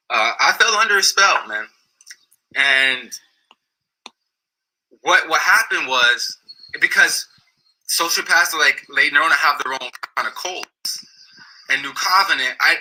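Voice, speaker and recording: A man's voice: on the high side, poor audio. A man telling, in casual and profane terms, what he went through with someone he used to follow, often acting out what others said. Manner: blunt, profane, animated when quoting others. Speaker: former associate telling his story. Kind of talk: casual storytelling.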